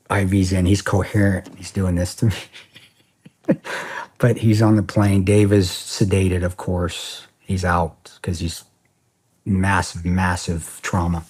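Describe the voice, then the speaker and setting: A man's voice: low voice, a little mellow, husky. A middle-aged man, a podcast guest, telling a story bluntly and casually, profane and rambling with restarts.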